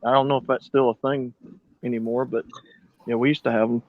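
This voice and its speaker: A man chatting on a podcast in a relaxed way, leaning on small fillers. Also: medium pitch, brisk, no echo. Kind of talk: casual chat. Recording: dull lo-fi dry recording.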